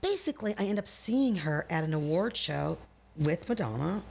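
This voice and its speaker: A middle-aged American woman in casual storytelling chat, with a gravelly, fry-tinged voice. She talks animatedly, swears freely, and slips into the voices of people she quotes. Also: on the low side, lively intonation, normal speed, a little mellow, a little hiss or hum. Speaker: guest telling a story.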